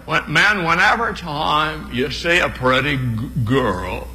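A man doing energetic stand-up comedy, stammering and laughing at his own jokes. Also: a little high, takes it slowly. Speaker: comedian and preacher. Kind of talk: live stand-up comedy with impressions. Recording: long hall reverb, faint ambience.

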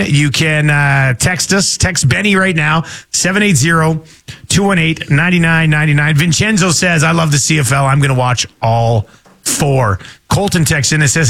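Energetic male sports radio host, slightly high voice, studio mic. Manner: energetic, quick shifts into sponsor reads. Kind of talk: sports radio chat with ad reads. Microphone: studio microphone.

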